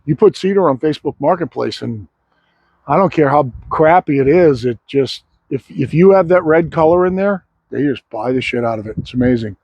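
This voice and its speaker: A man's voice: a little high, lively intonation, normal speed, no room sound, highs cut off. A sawmill owner talking casually and bluntly, rambling and swearing freely while he shows off his wood. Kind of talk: casual vlog talk. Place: outdoor log yard.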